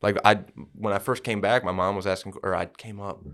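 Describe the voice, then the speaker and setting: A man's voice: fairly low pitch, fairly even intonation, brisk, fairly bright tone. A young man, a podcast host, telling a personal story in loose, profane casual chat.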